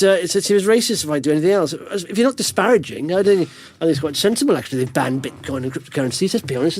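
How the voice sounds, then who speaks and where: A man's voice: high voice, darkish tone. A man hosting a podcast, joking and rambling in casual chat, often cutting himself off mid-sentence. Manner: joking, rambling, self-interrupting. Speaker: podcast host.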